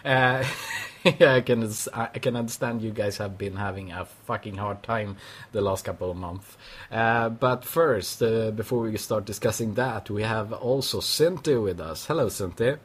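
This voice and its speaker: A man hosting a casual interview, excitable, swearing and stumbling over his questions. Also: lowish voice, normal speed, breathy edge. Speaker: podcast host.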